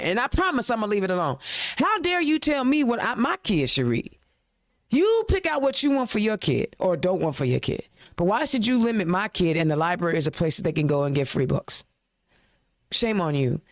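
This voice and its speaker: A woman's voice: on the high side, no echo, clean studio sound. A woman hosting a political talk show, ranting with passion and firing rhetorical questions, then chatting informally. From Indiana. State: a little choked up. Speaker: host.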